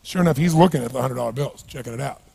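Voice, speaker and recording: A middle-aged man and seminar speaker, telling a personal story to a live audience in an animated, conversational way and asking them questions. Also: mid-range voice, very fast, vocal fry, slightly rough.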